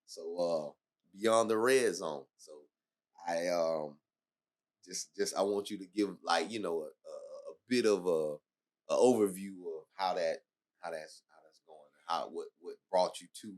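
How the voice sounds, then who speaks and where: A man hosting a podcast, asking halting, rambling questions with many fillers. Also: low voice, darkish tone. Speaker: podcast host. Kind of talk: casual interview talk.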